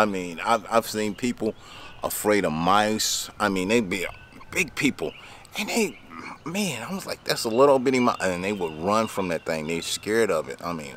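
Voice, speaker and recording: Low-voiced rambling man. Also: a bit bright, a little hiss or hum. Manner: rambling, laughs often, many fillers. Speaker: lawn care business owner. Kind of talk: casual storytelling to camera.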